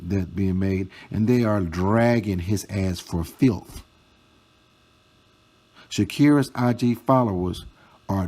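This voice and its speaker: A man telling a storytime vlog, reading out chat screenshots in a slow, mocking, profane way. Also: fairly low pitch, warm tone. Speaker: storytime vlogger.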